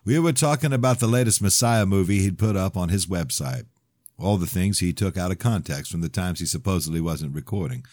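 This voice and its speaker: A man narrates a first-person novel in a very deep voice that moves lively up and down. The reading is plainspoken and expressive, recorded dry on a close mic. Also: brisk, no echo. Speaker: audiobook narrator.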